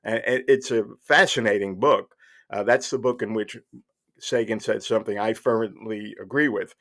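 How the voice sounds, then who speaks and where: Older male podcast host, somewhat low voice, wry and digressive storytelling. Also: normal speed, a bit bright. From New Jersey. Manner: wry, digressive, with fillers and restarts. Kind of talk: casual storytelling monologue.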